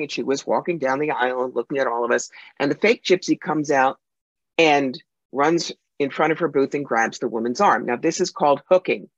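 A woman's voice: a bass voice, no echo. A woman psychic medium as a podcast guest, telling anecdotes in a punchy, emphatic way. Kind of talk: podcast interview, storytelling. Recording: dull lo-fi sound.

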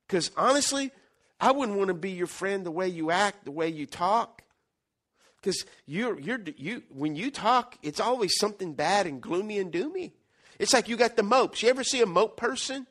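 Brief: animated middle-aged preacher, high lively voice, sermon delivery. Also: male voice, normal speed. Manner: animated, acts out characters, swings loud and quiet. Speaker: pastor.

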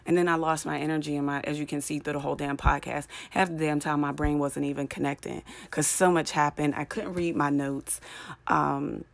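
A woman's voice: low-pitched, flat delivery, brisk, creaky. A young woman hosting a solo podcast late at night, tired and rambling, often trailing off and restarting. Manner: tired, rambling, self-interrupting. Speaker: podcast host.

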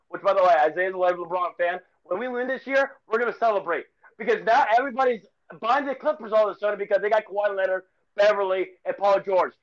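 A man co-hosting a casual sports podcast, ranting excitedly and rambling with repeated phrases. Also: high voice, lo-fi sound.

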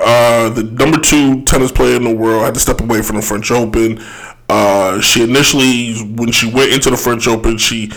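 A man giving casual solo commentary as a podcast host, rambling and correcting himself, with a throaty voice and frequent throat clearing. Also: mid-range voice, fairly bright tone, poor audio. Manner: rambling, self-correcting, laughs often.

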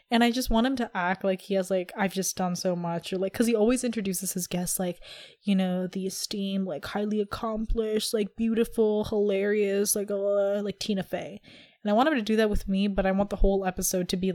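A woman's voice: mid-range voice, a little mellow. A young woman hosting a casual podcast, rambling and teasing with lots of fillers. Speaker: podcast host. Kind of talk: casual chat.

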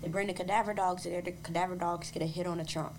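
A woman on a podcast retelling a true-crime case in a casual, animated way, slipping in voices for the people in the story. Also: fairly low pitch, quick pace, background noise. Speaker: podcast co-host.

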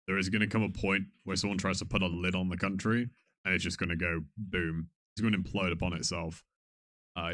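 A man with a very deep voice talking through a podcast discussion in a measured, thoughtful way. He pauses on hesitant fillers, and his voice sounds dry and close, with no room echo. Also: fairly bright tone. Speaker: podcast co-host. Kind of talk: casual podcast chat.

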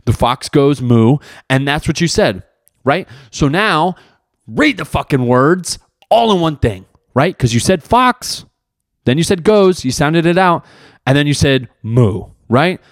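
A man, hosting a podcast and telling a story in a profane, animated way, with lots of "right?" and "dude". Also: fairly high pitch, no room sound, clean studio sound. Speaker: podcast host; jiu-jitsu competitor. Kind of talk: casual monologue.

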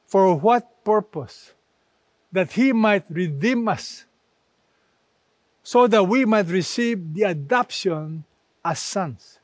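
A man delivers a sermon in an unhurried, emphatic way, leaning on repetition as he quotes scripture. His voice sits a little high for a man. The sound is dry and close. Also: animated, no echo. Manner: slow, emphatic preaching with repeated phrases. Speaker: preacher.

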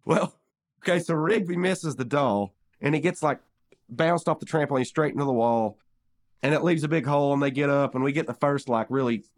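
A man hosting a casual podcast, recapping a cartoon episode in an animated way and acting out characters' lines in quick bursts. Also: a little high. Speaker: podcast host.

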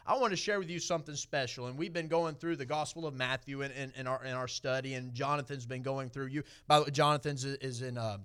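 A man's voice: medium pitch, fairly even intonation, fast, few pauses, a bit bright, clear, resonant tone. A middle-aged man with a Southern US accent preaching a sermon in a folksy way, repeating phrases and building to emphatic points.

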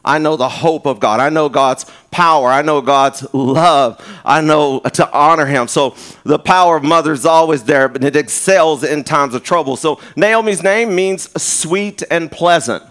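Pastor, male, slightly high voice, conversational live sermon with repetition. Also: normal speed, few pauses, a bit bright. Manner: conversational preaching with repeated words and rising emphasis. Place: church.

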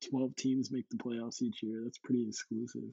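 Husky, dark-voiced co-host man. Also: medium pitch, flat delivery, normal speed, dry recording, muffled recording. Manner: laughs often, short reactions. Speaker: podcast co-host. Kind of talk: casual chat.

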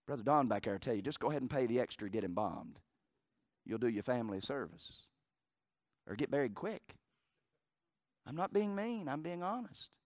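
Fervent preacher, hushed to booming. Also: male voice, sing-song, a little fast, long pauses, no room sound, clean studio sound. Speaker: pastor. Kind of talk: sermon. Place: church sanctuary.

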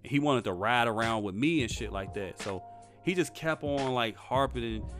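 A man's voice: medium pitch, brisk, fairly bright tone. Young guy, blunt and swearing, casual rant over faint music. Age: young adult. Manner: blunt, profane, defiant. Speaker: vlogger.

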